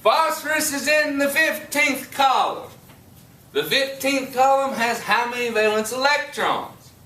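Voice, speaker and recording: A man teaching a high school chemistry class, joking and teasing his students as he explains. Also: unhurried, pushed and bright, a little hiss or hum. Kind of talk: classroom lecture. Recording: echoey classroom from a distance.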